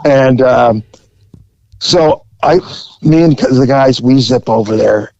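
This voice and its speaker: A man's voice: medium pitch, slow pace, gravelly, darkish tone, dry recording, muffled recording. A man, a police officer, telling a story in a laid-back, profane, chuckling way. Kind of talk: casual storytelling.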